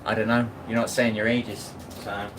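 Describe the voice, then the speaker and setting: A man's voice: on the low side, flat delivery, moderate pace, background noise. A man chatting bluntly with his live chat while washing up, often asking if you know what he means. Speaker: live streamer. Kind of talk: casual live-stream chat.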